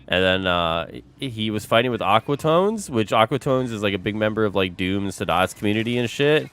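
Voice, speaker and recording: Animated low-voiced young streamer guy. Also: a little fast, smooth. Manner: animated, swears a lot, says bro constantly. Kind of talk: casual chat with a live stream audience.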